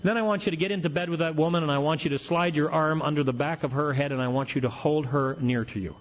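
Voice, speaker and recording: A man's voice: on the high side, fast talker, natural voice. A man doing a blunt old AA old-timer. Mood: lecturing. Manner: blunt, lecturing, bossy. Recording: dull lo-fi recording with faint hiss.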